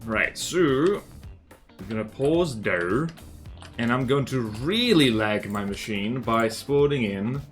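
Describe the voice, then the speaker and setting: Lively Australian man streaming. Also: medium pitch, soft background music. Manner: chatty, jokey, quick to laugh. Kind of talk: casual live-stream chat over gameplay.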